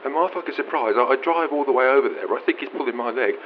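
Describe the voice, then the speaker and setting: Rambling, profane Australian bloke. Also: male voice, mid-range voice, animated, fast, a little hiss or hum. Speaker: radio caller. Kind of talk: comic storytelling monologue. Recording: dull lo-fi audio.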